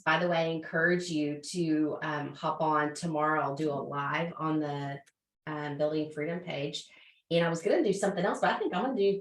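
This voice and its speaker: Woman hosting a business call, earnest and emotional, lower voice, roomy sound from a distance. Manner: earnest and emotional, many fillers and restarts. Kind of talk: motivational talk on a video call.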